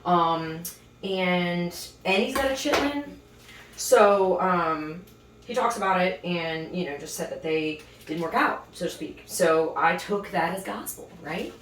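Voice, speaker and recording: A woman's voice: lowish voice, measured pace, a bit bright, a little hiss or hum. A woman hosting a baking show, telling her dating stories in a chatty, sassy way, with punning asides as she works in her kitchen. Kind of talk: casual storytelling while baking. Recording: roomy, distant mic with faint ambience.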